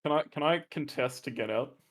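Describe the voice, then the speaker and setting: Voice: medium pitch, brisk. A player chatting and joking during a tabletop role-playing game. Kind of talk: casual tabletop game chat.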